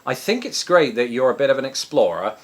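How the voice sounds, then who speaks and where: This English-accented man, born in England, answers his viewers' questions casually from his Chicago home. His medium-pitched voice is sing-song and brisk, and he keeps saying um and restarting his sentences.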